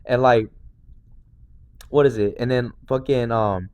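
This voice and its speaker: A man in his twenties, a podcast host, telling a story in excited, slangy casual chat full of fillers. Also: medium pitch, unhurried. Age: 20s.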